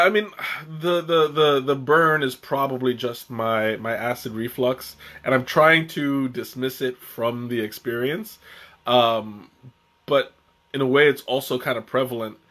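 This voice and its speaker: A man hosting a casual live-stream tea tasting, chatty and joking, who talks haltingly with many restarts and fillers. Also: medium pitch, fairly bright tone. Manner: chatty and joking, often chuckling.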